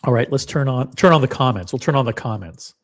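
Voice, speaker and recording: A man's voice: medium pitch, lively intonation, fast talker. A man hosting a live reaction stream, chatting in a rambling, self-deprecating way. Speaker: livestream host.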